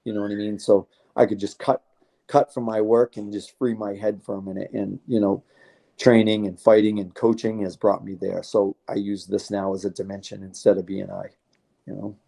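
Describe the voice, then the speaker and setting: A man talks as an interview guest, his voice very dark and mellow and sitting a little low. He rambles in a heartfelt way, swearing casually as he goes. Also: level tone, normal speed, vocal fry.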